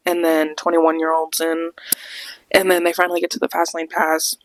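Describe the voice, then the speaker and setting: A young woman with a low-pitched voice hosts a podcast, telling a casual storytime at normal speed on a dry recording. She's animated, laughs often, and acts out quotes.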